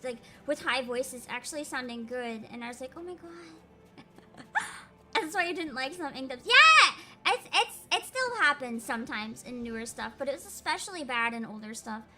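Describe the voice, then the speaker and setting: Young woman streamer, high bright voice, lively, giggly casual chat, faint music behind. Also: normal speed. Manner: animated, giggly, chatty. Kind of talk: casual livestream commentary.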